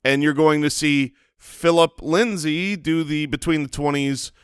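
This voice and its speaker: A man co-hosting a fantasy football podcast, talking in joking, animated banter. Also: a little high, unhurried, clear, resonant tone, no room sound, studio quality. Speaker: podcast co-host. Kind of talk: casual sports chat.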